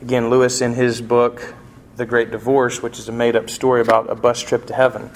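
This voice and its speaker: A man's voice: medium pitch, flat delivery, fairly quick, creaky, a little hiss or hum. A man preaching a sermon in a folksy, conversational storytelling manner. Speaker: pastor.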